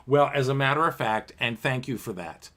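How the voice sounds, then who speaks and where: A man's voice: mid-range voice, animated, moderate pace, a bit bright. A man hosting a home livestream piano bar, singing show tunes and chatting playfully with viewers as he reads their comments aloud. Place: home apartment.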